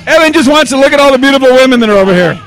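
A man hosting a podcast, playfully teasing people in quick party interviews. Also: very high-pitched, lively intonation, a bit bright. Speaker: podcast host.

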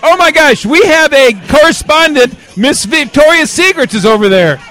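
Playful male host, very high and bright, teasing party interviewer. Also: animated, normal speed. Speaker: podcast host.

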